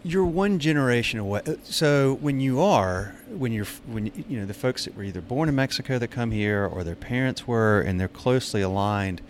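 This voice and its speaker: A man hosting a casual podcast chat, relaxed and agreeable, with sentences that trail off and restart. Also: mid-range voice, brisk, hardly any pauses, slight background noise.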